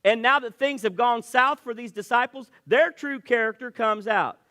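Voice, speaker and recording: A male pastor preaching a sermon in church, swinging between loud emphasis and hushed, quiet lines, sometimes repeating words as he starts a thought. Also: very high-pitched, moderate pace.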